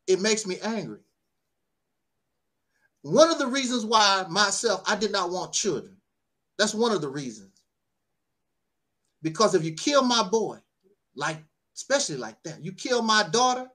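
A man's voice: high-pitched, fairly bright tone. A man speaking in an emotional personal monologue, tearful and heated, with a preacher-like cadence. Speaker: online commentator.

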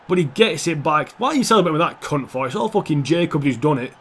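A young man commentating on his football video game, excitable and blunt, swearing freely. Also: a little high, fast. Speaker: gaming YouTuber.

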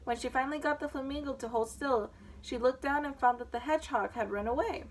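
A woman with a fairly high voice reads a children's storybook aloud. Her reading is relaxed and informal, with the odd um as she points out the pictures. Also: a little fast, slight background noise, low-quality recording. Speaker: reader.

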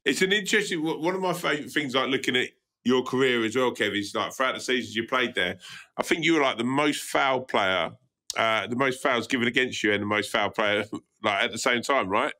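Interviewer: man with a bright, crisp voice, casual and quick to laugh. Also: mid-range voice. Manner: asks loose questions, laughs a lot. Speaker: podcast co-host.

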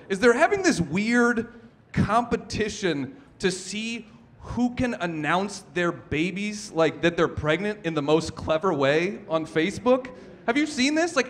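A young man performing a stand-up comedy set on a club stage, telling stories with animated shouted bits. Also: sits high, slight background noise. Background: audience laughter.

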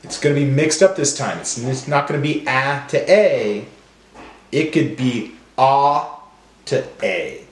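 A man teaching a phonics lesson to young children, stretching each word slowly and cheering them on. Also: medium pitch, roomy sound. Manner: slow, stretched word-by-word drills; encouraging.

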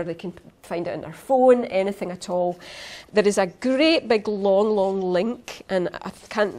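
A woman's voice: mid-range voice, a little mellow. A middle-aged Scottish woman, an author giving an informal conference talk to teachers, chatty and full of fillers and restarts.

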